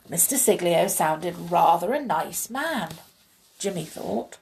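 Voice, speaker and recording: A woman reading a children's story aloud in an expressive, measured way. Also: fairly low pitch, creaky.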